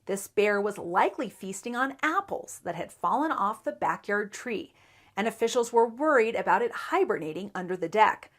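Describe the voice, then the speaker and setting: A woman reporter narrates a local news segment in a steady, measured way. Her voice sits in an ordinary middle pitch and keeps a scripted newsreader cadence throughout. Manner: measured, even newsreader delivery.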